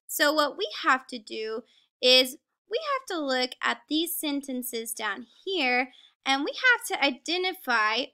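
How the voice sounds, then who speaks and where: A high-voiced woman leads a recorded kindergarten reading lesson. Her tone is bright and encouraging, and she slows down and stretches words out so small children can follow along. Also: clean tone. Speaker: kindergarten teacher.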